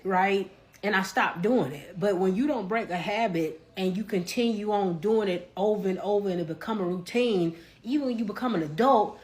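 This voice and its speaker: A woman giving reaction commentary in a relaxed, folksy, storytelling way. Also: mid-range voice. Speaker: social media commentator.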